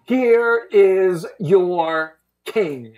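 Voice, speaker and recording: A scripture reader voicing a stern Roman governor who questions a prisoner in measured, deliberate lines, during a church Passion reading. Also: mid-range voice, darkish tone. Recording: roomy church from a distance.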